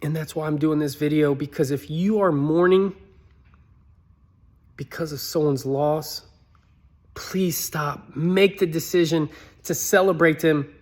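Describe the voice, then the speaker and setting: Pausing often and speaking a little slowly, a man shares his personal story as a motivational speaker, pleading earnestly. His darkish voice rests slightly high and rises sharply when he begs, and his delivery stays heartfelt and direct.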